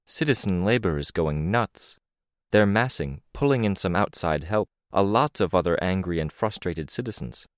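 A man reading an audiobook, voicing a worried young woman hero who talks in an urgent, hurried way. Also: deep voice, lively intonation, no echo, clean studio sound. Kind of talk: audiobook character voice.

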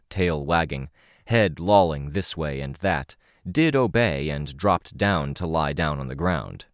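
A man narrating an audiobook in the first person, in a steady, measured reading. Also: a bass voice, no echo, clean studio sound.

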